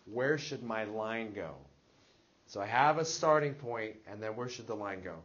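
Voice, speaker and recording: A man's voice: lowish voice, normal speed, fairly bright tone, dull audio. Man teaching math in a classroom. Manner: questioning, checks in with students often. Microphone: classroom recording device.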